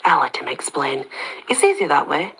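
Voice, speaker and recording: A woman voicing a calm, protective young man with a deep rasp, talking low, quiet and steady. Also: moderate pace, heavily acted, rough recording.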